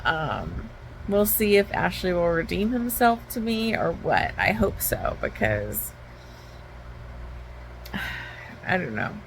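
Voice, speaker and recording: A woman's voice: fairly low pitch, sing-song, slow, vocal fry, slight background noise, poor audio. A woman book vlogger at home, giving a candid, heated retelling of a novel in a casual reading vlog, with lots of "like.".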